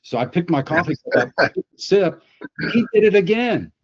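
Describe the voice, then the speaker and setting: A man's voice: high-pitched, big pitch swings, a little fast, dull audio. A man on a video call explaining sales psychology through anecdotes, often restarting his words. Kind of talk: storytelling on a webinar panel.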